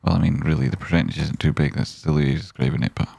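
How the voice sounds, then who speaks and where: Male stream host, low-pitched, rambling and jokey chart talk, dry close sound. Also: steady tone, rapid-fire, vocal fry, dark tone, no echo. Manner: rambling and jokey, repeats "right?". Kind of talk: casual chart commentary.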